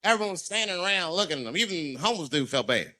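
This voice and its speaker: A man's voice: high-pitched, animated, rapid-fire, sharp tone. A male stand-up comedian telling a long profane story, acting out the voices of people in it. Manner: profane and conversational.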